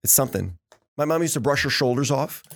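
A man's voice: mid-range voice, animated, fast, dry recording, studio quality. A man hosting a motivational podcast, telling stories in an earnest, preachy way and often repeating words. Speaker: podcast host.

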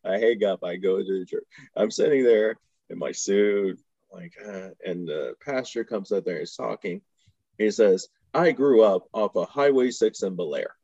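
A man from Houston tells stories on a podcast, his low, husky voice rising and falling a lot as he laughs and acts out the voices of people he quotes. The sound is close and dry, with a dull, lo-fi edge. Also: animated, moderate pace, mellow, no room sound. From Houston, Texas. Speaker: podcast guest. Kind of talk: casual storytelling.

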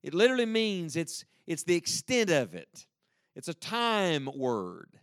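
A man's voice: a little high, huge pitch swings, unhurried, dry recording, studio quality. A man preaching a sermon with emphasis and joking asides, leading the congregation to read aloud with him. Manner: leads the congregation in reading aloud. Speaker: pastor.

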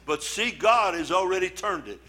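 High, bright-voiced male pastor preaching. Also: animated, normal speed. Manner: preaching with scripture readings, emphatic and conversational. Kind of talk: sermon.

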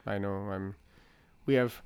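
A man's voice: lowish voice, measured pace, a little mellow, clean tone, no room sound. A man co-hosting a podcast in casual late-night chat, chiming in with short reactions and jokes. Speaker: podcast co-host.

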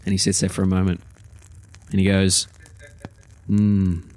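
A man's voice: low-pitched, monotone, fairly quick. A man running a tabletop game as game master, narrating and voicing characters in a rambling way, often repeating words.

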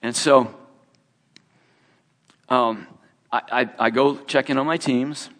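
A man's voice: medium pitch, fairly even intonation, slow, fairly bright tone. A man preaching in a conversational storytelling way, acting out the people in his story. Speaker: preacher sharing a testimony. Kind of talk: sermon storytelling. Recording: long hall reverb.

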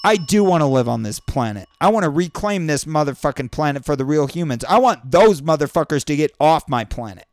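A high-pitched man delivers a fast, profanity-laced rant, flaring into shouted outbursts. His voice is smooth and clear, recorded close and dry with no room sound. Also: animated, dry recording. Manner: angry, sweary, ranting with bursts of shouting. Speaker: vlogger. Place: indoors during a thunderstorm.

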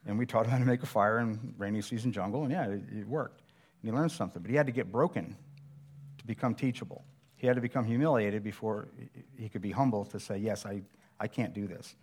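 A man's voice: lowish voice, fast, a little mellow, slightly rough. A middle-aged man preaching a sermon, telling a personal survival story in a conversational, self-deprecating way.

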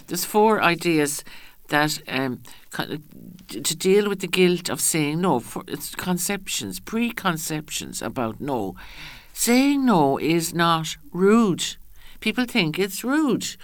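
A woman's voice: fairly low pitch, sing-song, unhurried, no room sound. A woman, speaking as a guest in a radio interview. She talks in a chatty way, often restarts her sentences and acts out the voices she quotes.

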